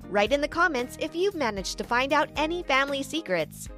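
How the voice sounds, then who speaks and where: A young woman reading a first-person story aloud in a steady storytelling manner, dropping her voice low for suspense. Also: fairly quick, faint music behind. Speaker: narrator.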